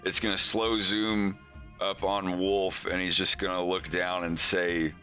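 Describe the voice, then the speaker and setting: A man's voice: sits low, little pitch movement, a little slow, sharp tone, soft background music. A man hosting a casual animation progress stream, rambling with many restarts and casual swearing. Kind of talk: casual live-stream chat.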